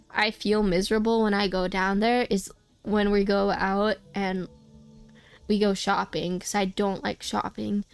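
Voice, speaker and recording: A young woman talks in a loose, rambling way while she streams a game, circling back and restarting her sentences. Her mid-pitched voice carries a gravelly, fried edge, and soft game music plays faintly underneath. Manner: rambling, chatty, restarts often. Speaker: VTuber streamer.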